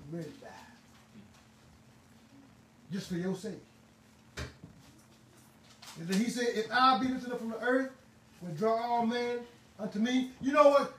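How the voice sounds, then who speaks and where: A man preaching a sermon in a fervent, emphatic way, now and then bursting into shouts. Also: very high-pitched. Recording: roomy, distant mic, faint ambient noise.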